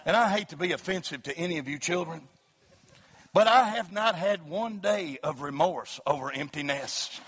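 A middle-aged man preaching a sermon, rising into loud shouted passages and then telling joking stories about his family and dog. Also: on the high side, moderate pace, breathy edge. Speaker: pastor. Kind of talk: sermon with humorous storytelling.

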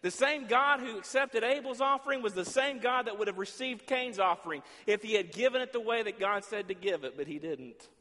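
A man delivers a sermon as pastor from a large church sanctuary, his fairly high voice carrying a long echo off the hall. He acts out dialogue in different voices and swings between loud and quiet passages. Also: animated, a little fast, hardly any pauses. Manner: preaching with shifting volume, acting out dialogue with God.

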